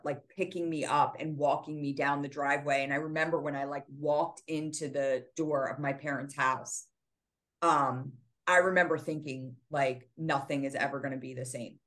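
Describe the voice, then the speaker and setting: A woman's voice: low voice, steady tone, normal speed, a bit bright. A middle-aged woman, a podcast guest and author, earnestly retelling a painful family loss with many fillers. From United States. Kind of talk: interview storytelling.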